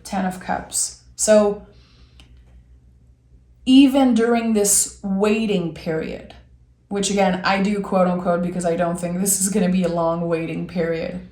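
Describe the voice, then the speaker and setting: A woman giving an intuitive tarot reading in a gentle, reflective way, with soft pauses between her thoughts. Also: mid-range voice, echoey room. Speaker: tarot reader.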